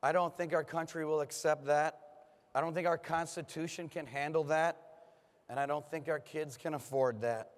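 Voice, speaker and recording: A man giving a rousing political conference speech from a podium, his voice hoarse from overuse, with punchy applause lines. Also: fairly high pitch, fairly even intonation, normal speed. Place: large conference hall. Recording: long reverb of a big hall.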